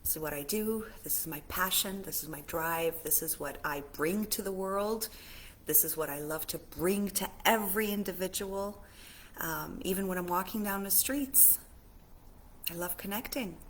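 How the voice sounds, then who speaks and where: A woman life coach talking casually on a live stream. She is earnest and heartfelt, repeats her phrases softly, and pauses often with fillers. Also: fairly low pitch, a little hiss or hum. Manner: earnest and heartfelt, with soft repetitions; halting, with many pauses and fillers.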